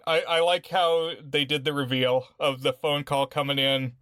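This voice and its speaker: Man, podcast co-host, casual film chat, easygoing, crisp bright tone, dry sound. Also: a little high, little pitch movement, normal speed, dry recording. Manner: easygoing, laughs while talking.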